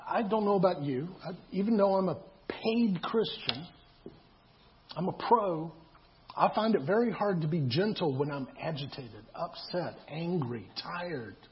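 Guy preaching, high voice, chatty with lots of questions, kinda muffled lo-fi audio. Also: lively intonation, measured pace, slight background noise. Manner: conversational preaching with repeated words and rhetorical questions. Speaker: pastor. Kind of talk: sermon. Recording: dull lo-fi sound.

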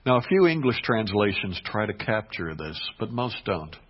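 Male pastor, dynamic sermon delivery, slightly husky, muffled low-fi recording. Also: sing-song, moderate pace. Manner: dynamic preaching, swings from hushed to emphatic. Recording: dull lo-fi recording.

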